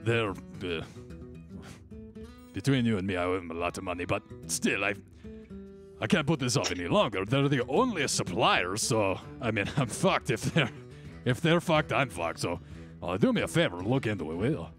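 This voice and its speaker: A man's voice: fairly low pitch, big pitch swings, normal speed, a bit bright, faint music behind. Brief: man voicing a foul-mouthed barkeep, thick hammy Scottish brogue, sing-song delivery. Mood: confiding. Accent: put-on Scottish. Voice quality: thick brogue slipping around, swearing, rambling. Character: rambling, profane middle-aged male tavern keeper.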